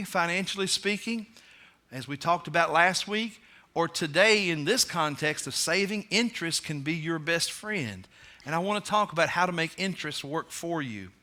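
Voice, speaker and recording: A man's voice: on the high side, pushed and bright. A man with a Kentucky accent, preaching a sermon in church in a plain, conversational way with fillers and restarts. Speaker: pastor. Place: church sanctuary.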